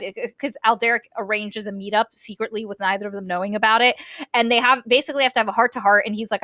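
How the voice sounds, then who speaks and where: A young woman casually recapping a novel's plot as a podcast co-host, quickly acting out the characters' lines. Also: a little high, fairly even intonation, sharp tone, dry recording, studio quality. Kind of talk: casual book recap chat.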